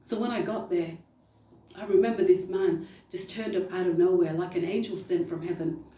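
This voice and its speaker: A woman's voice: on the low side, fairly even intonation, moderate pace, dark tone. A woman preaching a testimony sermon, telling her story with emphatic repetition. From United Kingdom. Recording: roomy echo, distant mic.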